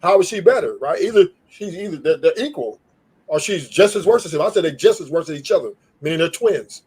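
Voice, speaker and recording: A man's voice: a little high, expressive, a little fast, a little mellow, breathy edge. A man on a live stream arguing heatedly, profane and combative, often repeating himself.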